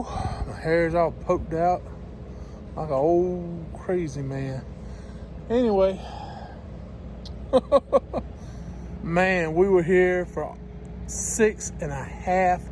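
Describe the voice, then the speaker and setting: A man's voice: a little high, darkish tone, a little hiss or hum. A man talking casually to his phone camera as a truck-driving vlogger, chatty and exasperated, laughing often. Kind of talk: casual vlog rant. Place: truck cab and loading dock.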